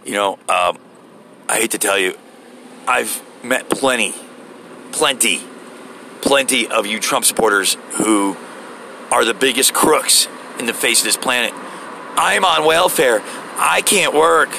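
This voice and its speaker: A man telling an animated, profane story in a casual rant, rambling with many restarts, from inside a car. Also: mid-range voice, unhurried, creaky, pauses often, noisy background. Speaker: vlogger.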